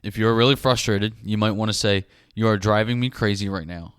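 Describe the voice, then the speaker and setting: Crude laughing New dad. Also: male voice, on the low side, fairly even intonation, a little fast, a bit bright, clean tone, no room sound, studio quality. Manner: crude, laughing, reads text aloud. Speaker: podcast co-host. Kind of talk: casual chat reading parenting tips.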